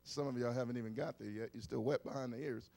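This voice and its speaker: A man's voice: mid-range voice, fairly even intonation, fast talker, gravelly, dark tone. A man in his fifties preaching a sermon in a conversational way, coaxing the congregation along. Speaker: pastor.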